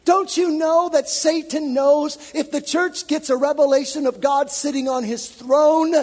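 A man's voice: extremely high pitch, steady tone, measured pace, darkish tone. A man preaching a sermon as a worship leader, impassioned and emphatic. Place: church sanctuary. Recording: long reverb of a large hall.

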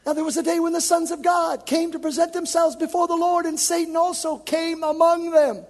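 A man's voice: extremely high pitch, little pitch movement, brisk. A man preaching a sermon as a worship leader, impassioned and emphatic. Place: church sanctuary. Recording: long reverb of a large hall.

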